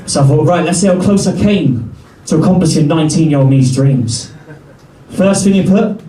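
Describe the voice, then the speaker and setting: A man in his thirties doing a stand-up set, telling stories wryly with pauses before the punchlines. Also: on the high side, lively intonation, dark tone. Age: 30s. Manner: wry storytelling with punchline pauses. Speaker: stand-up comedian. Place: comedy club stage. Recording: roomy club sound from a distance.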